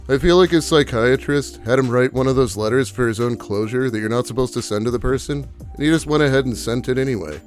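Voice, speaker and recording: A man at a middle pitch reads online posts aloud and drops deadpan, sarcastic remarks between them. Faint music plays quietly beneath his voice. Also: fast, few pauses. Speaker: channel host reading posts. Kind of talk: reading posts aloud with dry commentary.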